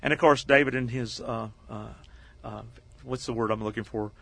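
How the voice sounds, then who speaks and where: Bright-voiced man telling a story. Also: mid-range voice, normal speed, creaky, no echo. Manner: animated, acts out quoted voices. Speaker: interview guest. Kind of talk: conversational storytelling.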